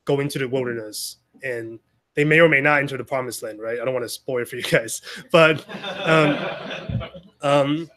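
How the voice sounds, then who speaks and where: A man's voice: on the high side, fairly bright tone. A man giving an informal Sunday message to a small gathering, talking in a conversational way with many restarts and asides. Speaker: speaker sharing a Sunday message. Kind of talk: informal sermon.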